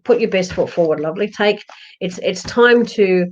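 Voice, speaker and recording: A woman's voice: medium pitch, normal speed, slight background noise. A woman giving psychic readings on a live stream, reassuring and rambling, with many fillers and restarts. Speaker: psychic medium. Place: home, during a lockdown. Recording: dull lo-fi livestream audio.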